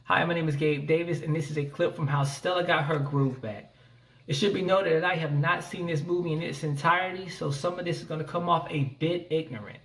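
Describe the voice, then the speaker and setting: Gravelly man recapping deadpan, mic far off. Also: a little high. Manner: deadpan, crude asides. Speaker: comedian presenting a recorded clip. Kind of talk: comic recap monologue.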